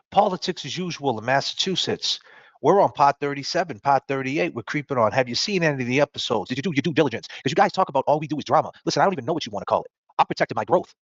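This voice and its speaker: A man hosts a podcast and rants at his critics in a fast, combative, profane voice. His pitch swings a lot, and it sits a little higher than most men's. The recording sounds dull, lo-fi and dry. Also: no room sound. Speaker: podcast host. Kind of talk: ranting talk-show monologue.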